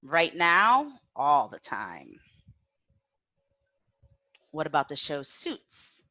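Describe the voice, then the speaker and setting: A woman teaching a grammar lesson, speaking slowly and clearly and having learners repeat after her. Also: sits low, wildly swooping pitch, sharp tone, dull audio. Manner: slow, clear, drills learners with repetition. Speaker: English teacher.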